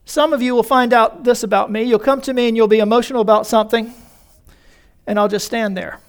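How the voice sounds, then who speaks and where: A man's voice: very high voice, fairly even intonation, a little fast, clear, resonant tone. A male pastor preaching a conversational sermon in a church, calling his congregation folks.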